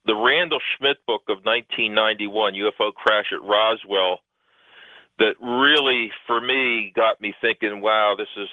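A guest researcher with a lowish voice talks at length in a radio interview, rambling and emphatic with many fillers. He comes through a tinny, dry phone line.

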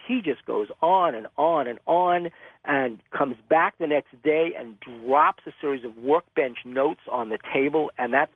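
Gravelly man telling stories over a phone line. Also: fairly high pitch, no echo. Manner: animated, vivid storyteller. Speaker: guest, magazine publisher. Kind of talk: storytelling interview answers. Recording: phone-line call-in audio.

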